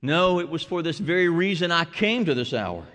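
A man preaching a sermon as a pastor, shifting from hushed, drawn-out phrases to loud, emphatic lines. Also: on the high side, sing-song. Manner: dramatic preaching, dropping to hushed tones and rising to shouts. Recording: long hall reverb.

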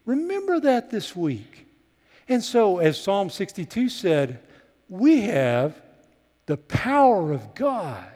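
High, lively-voiced preacher man in a hall. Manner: emphatic preaching, repeats key lines for the congregation. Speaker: pastor. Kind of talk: sermon.

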